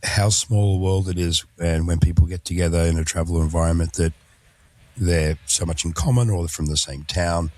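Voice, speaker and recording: Deep-voiced man hosting a travel interview. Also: darkish tone, dry recording. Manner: reflective, measured, with fillers. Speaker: interview host, former tour guide. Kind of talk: conversational interview.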